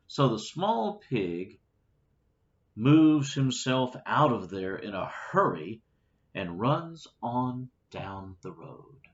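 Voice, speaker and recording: Man, children's story reader, very slow pace, lively ups and downs, muffled lo-fi sound. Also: medium pitch. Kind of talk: children's story read-aloud. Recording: dull lo-fi home recording.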